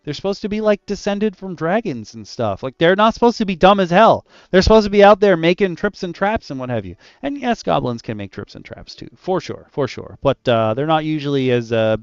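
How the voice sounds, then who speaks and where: A man chatting casually about running tabletop adventures, animated and loose, with lots of "like" in his talk. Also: on the high side, a little fast, few pauses, clear, resonant tone, dry recording, lo-fi sound. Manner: animated and loose, heavy use of "like". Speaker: dungeon master discussing adventure design. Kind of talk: casual roundtable chat.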